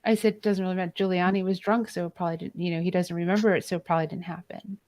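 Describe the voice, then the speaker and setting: A woman co-hosting a casual panel chat, wry and quick to laugh as she tells stories. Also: on the low side, flat delivery, a little mellow, no echo. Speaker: podcast co-host.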